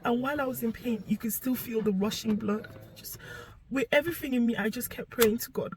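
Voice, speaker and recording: A young woman telling a painful personal story to camera, emotional and halting, sometimes sinking to a whisper. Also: on the high side, slight background noise, low-quality recording. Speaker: vlogger sharing her story.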